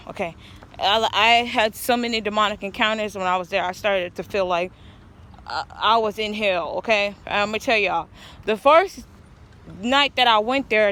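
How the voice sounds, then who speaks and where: Outdoors, a woman vlogger with a bright, forceful mid-range voice tells a long personal story. She rambles earnestly in a casual, stop-start way, often restarting her sentences.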